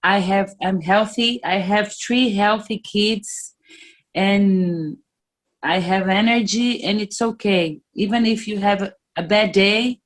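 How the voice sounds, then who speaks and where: Slow, halting woman. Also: medium pitch. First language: Portuguese. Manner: searching for English words, halting and frank. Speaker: musician interviewee. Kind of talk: casual interview.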